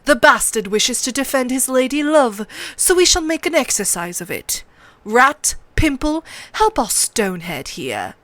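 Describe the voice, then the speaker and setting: A woman voicing a cruel, mocking middle-aged male master-at-arms with a sharp, cold voice, in a book reading. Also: sits high, very animated, measured pace, no echo, pitched above the performer's own voice, exaggerated voice. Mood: sneering.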